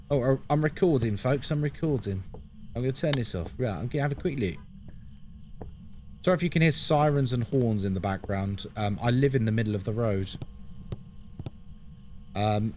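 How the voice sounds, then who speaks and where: A man's voice: medium pitch, a little hiss or hum. A man, chatting casually and joking with his audience while live-streaming a horror game. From England. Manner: chatty, jokey, self-deprecating. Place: home room by a busy road.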